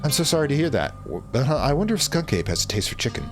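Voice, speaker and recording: A bubbly, eager young woman who hunts cryptids for her channel, as a man puts her on in a raised voice for a game. Her pitch bounces in a lively, animated way. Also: fast talker, music in the background.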